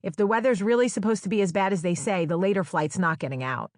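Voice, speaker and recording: A woman from New Jersey reads her own memoir in a wry, conversational storytelling style, slipping into playful quoted dialogue. Her voice sits somewhat low for a woman. The recording is close and dry, with no room sound. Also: a little fast, no room sound. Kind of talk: audiobook memoir narration. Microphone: close studio microphone.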